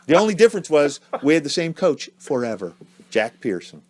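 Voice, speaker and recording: A man co-hosting a casual podcast, telling a story in a halting, earnest way and repeating words as he goes. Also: fairly high pitch, sing-song, over a noisy crowd. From Ohio, US. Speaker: podcast co-host.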